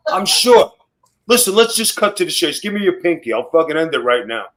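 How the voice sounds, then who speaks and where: Brash man, high voice, profane mock-mobster roasting style. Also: big pitch swings, fairly quick, fairly bright tone, rough recording. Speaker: guest on a wrestling podcast.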